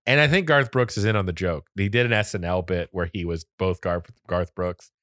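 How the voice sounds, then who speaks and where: A man's voice: low-pitched, a little fast, fairly bright tone, dry recording, studio quality. A man from Florida with a Florida accent, co-hosting a podcast in casual, rambling chat and laughing often. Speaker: podcast co-host.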